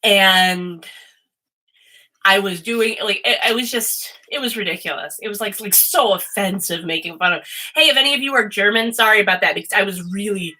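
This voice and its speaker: A woman's voice: mid-range voice, moderate pace, bright, forceful tone, low-quality recording. A woman hosting a casual livestream and reading tarot, rambling and chatty and swearing freely. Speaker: host and tarot reader.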